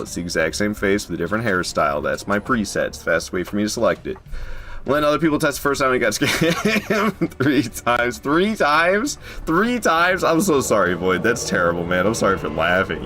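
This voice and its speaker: A man streaming a video game, chatting casually with his viewers and joking, who jumps into high yelps when something surprises him. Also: fairly bright tone. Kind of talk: casual live gameplay commentary.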